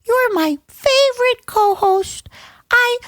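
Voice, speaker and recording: A very high, squeaky voice of a clingy woman co-host, as a woman puts her on, drawn out and sing-song. She pleads sweetly and slowly. The sound is dry and close. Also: lively intonation, fairly bright tone, no echo, heavily acted. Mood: sappy, pleading.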